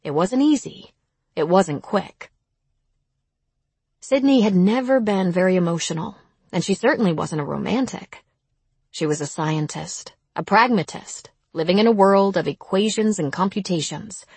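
A woman narrating an audiobook in a measured, somber way. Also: medium pitch, lively intonation, a little mellow, husky, dry recording.

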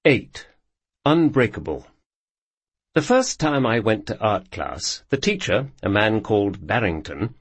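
Male nonfiction narrator, lowish husky voice, lively delivery, dry studio read. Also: unhurried, dry recording.

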